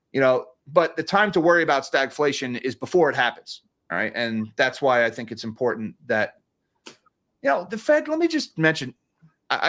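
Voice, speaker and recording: Reading super chats aloud, a man hosts a relaxed economics livestream in a sarcastic manner, chuckling often and restarting frequently. He has a mid-range voice with a fairly bright tone.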